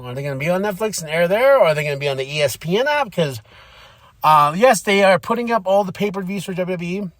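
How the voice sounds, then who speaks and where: A man's voice: mid-range voice, dry recording. A man hosting a podcast, casually recapping a wrestling show and acting out the wrestlers' lines. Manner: animated, acts out quotes in shifting voices. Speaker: podcast host.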